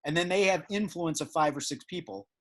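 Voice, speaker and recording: A man's voice: on the high side, animated, a little fast. A man hosting a casual podcast chat, rambling and emphatic with many restarts. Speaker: podcast host. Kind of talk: casual conversation.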